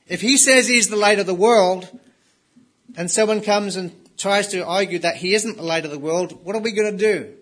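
A man's voice: high voice, a bit bright. A man preaching a sermon in an emphatic way, repeating key words for stress.

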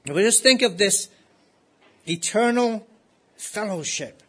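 A man delivers a sermon in a slightly higher-than-average voice. He speaks earnestly and keeps asking the congregation rhetorical questions. He slows down to repeat his key phrases. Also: lively intonation, pushed and bright, breathy edge. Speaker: preacher.

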